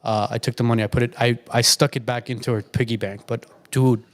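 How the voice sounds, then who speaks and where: Man in his thirties, podcast co-host, chatty storyteller, mid-pitched voice. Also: flat delivery, fast. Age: 30s. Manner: chatty storyteller, many restarts. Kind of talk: casual chat.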